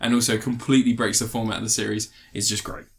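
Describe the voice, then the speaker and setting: A man's voice: on the low side, flat delivery. A man co-hosting a podcast in casual chat, eager and often restarting his sentences. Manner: quick, restarting, enthusiastic. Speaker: podcast co-host.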